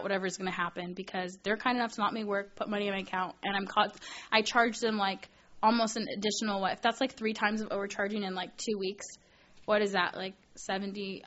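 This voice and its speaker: A woman's voice: medium pitch, a bit bright, lo-fi sound. A young woman telling a personal story while teaching a women's Bible study, chatty and earnest, with lots of filler words.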